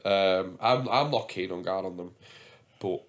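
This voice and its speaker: A man's voice: low voice, unhurried. Chatty young man hosting a podcast. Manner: chatty, rambling storyteller with frequent fillers and swearing. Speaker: podcast host. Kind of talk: casual podcast chat.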